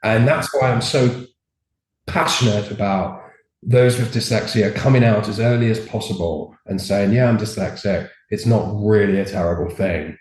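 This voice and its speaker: A man's voice: on the low side, normal speed, darkish tone. Emphatic middle-aged man, posh English accent. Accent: posh English, learned over a Cockney childhood. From England. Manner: frank, emphatic, with repeated restarts. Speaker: entrepreneur guest. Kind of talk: candid interview storytelling. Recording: roomy echo.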